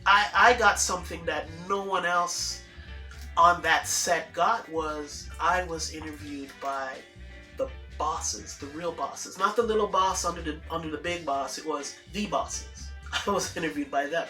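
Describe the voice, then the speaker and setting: A woman telling a personal story in a casual, animated way, acting out the dialogue and laughing often. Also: low-pitched, measured pace. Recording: echoey room with faint music.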